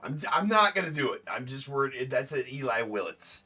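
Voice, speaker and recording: A man's voice: mid-range voice, sing-song, brisk, pushed and bright, slightly rough. A man hosting a live card break stream, chatting casually and joking as he opens packs, with the odd swear.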